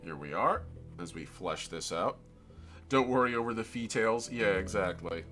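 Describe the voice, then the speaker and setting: Lively bright-voiced Floridian man. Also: fairly low pitch, normal speed, faint music behind. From Florida, United States. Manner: rambling, self-interrupting, explains as he draws. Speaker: artist streaming a live drawing session. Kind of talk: casual live-stream chat while drawing.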